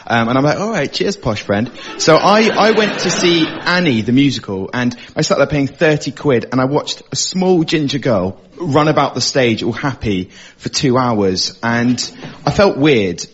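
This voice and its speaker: A man's voice: medium pitch, lively intonation, normal speed, highs cut off. A young man doing a chatty stand-up story with voiced asides. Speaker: comedian. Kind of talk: stand-up routine.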